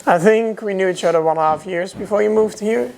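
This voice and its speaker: A young man whose first language is Dutch, speaking English with a light Dutch accent. He talks in a relaxed, easygoing way and pauses often with fillers. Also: high voice, creaky. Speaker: co-host, horse rider. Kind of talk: casual chat.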